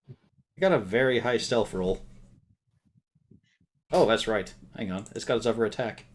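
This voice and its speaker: A man's voice: on the low side, measured pace, pauses often. A man narrating as game master of a tabletop game, with wry, laughing asides.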